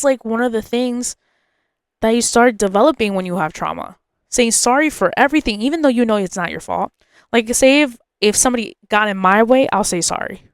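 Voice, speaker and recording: Woman podcaster venting about a friend, emotional and confiding, smooth tone, dry close mic. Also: medium pitch, no echo. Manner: emotional, confiding, repeats herself. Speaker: podcast host. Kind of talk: personal storytelling monologue.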